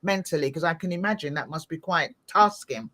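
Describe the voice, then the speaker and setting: A woman's voice: low voice, a little fast. A woman hosting a podcast, chatting casually with a guest and peppering her talk with "you know". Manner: chatty, warm-hearted, lots of "you know". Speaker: podcast host. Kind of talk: casual interview chat.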